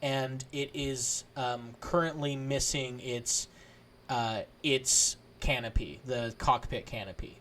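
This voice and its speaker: A man narrating a tabletop game as game master, halting, with many restarts and fillers. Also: medium pitch, fairly even intonation, fairly bright tone, slight background noise.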